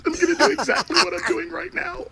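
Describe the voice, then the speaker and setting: A man's voice: very high-pitched, big pitch swings, quick pace, sharp tone, full character voice. A man playing an overwrought, sobbing parody of a left-wing protester in a mocking video clip, wailing through fake tears. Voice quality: mock crying, wailing.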